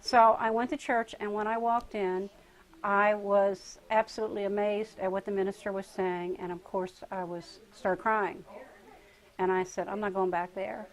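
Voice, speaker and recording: A woman's voice: mid-range voice, level tone, normal speed, poor audio. An older woman telling her life story in a casual interview, laughing often and acting out the voices of people she quotes. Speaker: interviewee, retreat participant.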